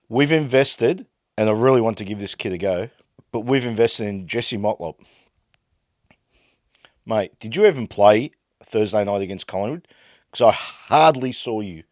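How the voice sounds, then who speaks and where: An Australian man hosting a podcast, delivering an exasperated fan rant that swings between loud outbursts and muttered frustration. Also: fairly low pitch, moderate pace, no room sound, clean studio sound. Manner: fired-up, exasperated ranting that swings loud and quiet. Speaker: podcast host. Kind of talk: ranting fan commentary.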